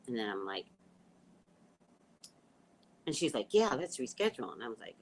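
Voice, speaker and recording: A woman in her sixties chatting casually with her audience, snarky and animated, telling stories full of quoted dialogue, with a slight lisp from a missing tooth. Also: extremely low pitch, moderate pace, pauses often, a little hiss or hum, poor audio. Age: 60s. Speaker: livestream host reading viewer comments. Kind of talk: casual chat.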